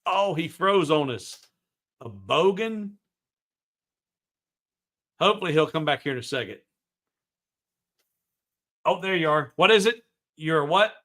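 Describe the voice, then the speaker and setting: A man's voice: on the high side, lively intonation, unhurried, pauses often, a bit bright. A man with a Southern US accent hosting a casual woodworking livestream, talking in a rambling, friendly way with many restarts. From American South. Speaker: livestream host.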